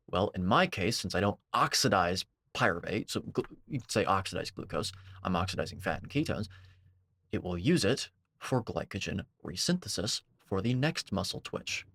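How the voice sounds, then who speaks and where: A man commenting on a video, lecturing and sarcastic, with sudden high-pitched outbursts. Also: a bit bright, husky, no echo, clean studio sound.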